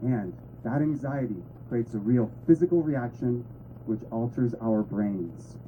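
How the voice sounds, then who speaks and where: A man's voice: medium pitch, animated, unhurried, highs cut off, a little hiss or hum. A man giving a talk to an audience in a conversational way with playful asides. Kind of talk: presentation to an audience.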